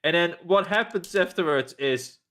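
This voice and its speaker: A man chatting casually on a stream, retelling a story in a halting, rambling way. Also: high-pitched, fairly bright tone. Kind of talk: casual chat.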